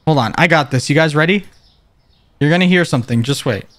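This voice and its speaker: A man streaming a video game, chatting in a playful, joking way and jumping into excited exclamations. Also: fast. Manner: playful, jokey, bursts into excited high exclamations. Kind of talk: casual gameplay commentary.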